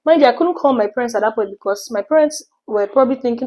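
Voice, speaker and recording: A young adult woman from Nigeria, telling an animated storytime vlog and slipping in pidgin phrases. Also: on the high side, fast, low-quality recording. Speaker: vlogger.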